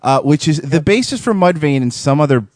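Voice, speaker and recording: Lively joking male radio host. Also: a little high, a little fast. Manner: joking, swearing, laughing often. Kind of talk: casual radio banter.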